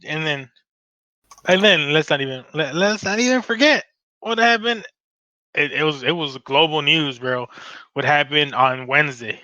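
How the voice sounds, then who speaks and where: This US man in his late twenties has a slightly high voice, speaks at normal speed, and hosts a casual podcast where he rants animatedly with lots of swearing. The recording has no echo but sounds dull and lo-fi.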